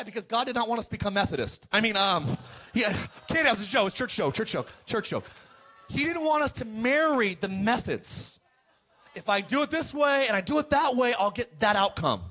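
A middle-aged man preaching a sermon from the pulpit in a high, bright voice. He jokes with the congregation and puts on mocking voices for the people he quotes. He breaks into sudden shouted peaks. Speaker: pastor.

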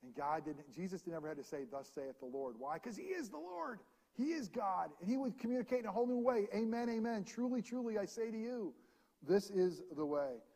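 A man preaching a sermon as pastor, reading scripture aloud and swinging between ringing proclamation and hushed, intimate passages. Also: high voice, sing-song, fairly quick, husky. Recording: long reverb of a large hall.

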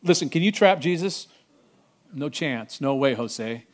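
Animated male preacher, swinging loud to soft. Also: on the high side, a little slow. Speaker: pastor. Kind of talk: sermon.

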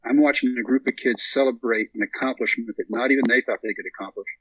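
Husky storytelling man, dry and muffled. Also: mid-range voice, quick pace, dry recording. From Texas. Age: 30s. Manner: animated storyteller acting out quotes. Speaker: guest. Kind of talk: storytelling interview.

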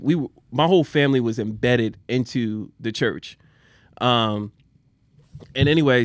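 A man co-hosting a casual chat, animated and quick to laugh loudly. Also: medium pitch, dry recording. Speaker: podcast co-host.

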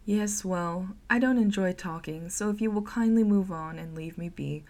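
A woman's voice: mid-range voice, normal speed, a little mellow, lightly acted. A woman voicing a grumpy, reclusive male head-creature that collects eyes, speaking in an annoyed, judgmental way.

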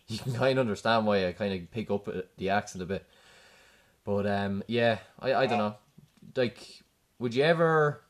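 Young irish guy on a group call, chatty, swears a lot. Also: fairly low pitch. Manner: chatty, swears, laughs often. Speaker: host. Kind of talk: casual chat with friends.

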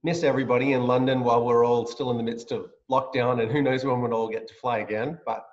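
A man's voice: mid-range voice, level tone, darkish tone. Male host from Australia, friendly, hesitant delivery, slightly muffled video-call audio. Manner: friendly, halting with fillers. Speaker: pastor hosting an interview series. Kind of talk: casual video-call interview.

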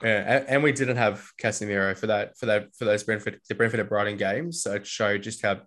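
A young man co-hosting a casual football podcast, rambling and quick to laugh, circling back through his sentences. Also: on the low side, fairly even intonation, a bit bright. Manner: rambling, laughs often, mocking impressions. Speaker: podcast co-host. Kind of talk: casual chat.

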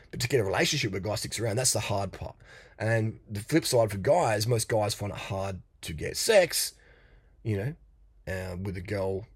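A man with a somewhat low, husky voice holds forth as a podcast host. His talk is blunt, crude and rambling, and the recording is dry and close. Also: no room sound. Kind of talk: casual monologue.

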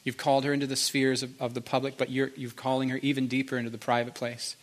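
A man pastoring a church service, leading a fervent prayer with repeated pleas, sometimes hushed. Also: medium pitch, monotone, fast talker. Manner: fervent repeated pleading, soft and hushed at times. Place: church sanctuary.

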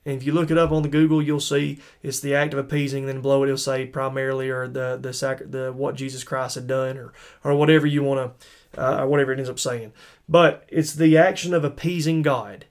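A man's voice: mid-range voice, flat delivery, brisk. A man preaching verse by verse, thinking aloud and repeating words for emphasis in a conversational way. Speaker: preacher teaching scripture. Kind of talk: informal verse-by-verse Bible teaching.

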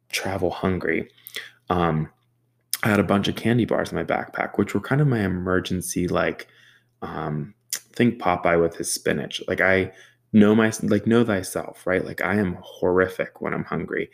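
A man telling a travel story in a casual, animated, profane way, mimicking sounds as he goes. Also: deep voice, normal speed, vocal fry. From United States.

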